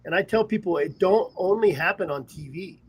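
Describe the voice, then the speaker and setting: A man's voice: high voice, normal speed, breathy edge. A rambling man, chatting casually on a podcast over a remote call. He tells his stories loosely and laughs often between them. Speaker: podcast host. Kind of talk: casual chat. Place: at home in a trailer.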